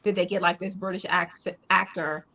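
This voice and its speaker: A woman talks through a show recap in loose, casual chat. Her voice is bright and forward. She retells scenes with energy and slips into the characters' lines as she goes. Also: fairly low pitch, fairly even intonation, a little fast, poor audio. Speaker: podcast co-host.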